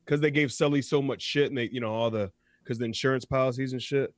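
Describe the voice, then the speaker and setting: A man's voice: mid-range voice, fast, no room sound, clean studio sound. Teasing young male radio co-host. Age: young adult. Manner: teasing, swearing, animated impressions. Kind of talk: casual talk radio banter.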